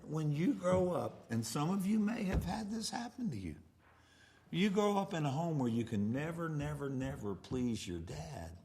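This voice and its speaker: A man preaching a revival sermon as pastor, telling stories and swinging from loud outbursts to hushed asides. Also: mid-range voice.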